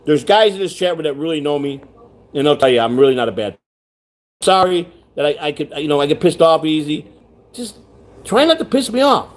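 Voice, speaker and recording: A man's voice: on the high side, lively intonation, fairly quick. A man hosting a rambling livestream chat, repeating himself, restarting sentences and reading viewer comments aloud. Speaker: livestream host.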